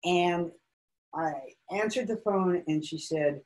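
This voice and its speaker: A woman's voice: on the low side, takes it slowly, a little mellow, rough recording. A middle-aged woman from Los Angeles, a guest author candidly telling a personal family story in an emotional, reflective way. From Los Angeles, United States.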